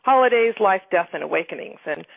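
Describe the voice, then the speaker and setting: A woman's voice: lowish voice, lively intonation, quick pace, gravelly, dry recording. A middle-aged woman, a guest author and comedian, talking animatedly and reading from her own book in a phone interview. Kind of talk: phone interview, casual chat. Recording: tinny phone line, dry.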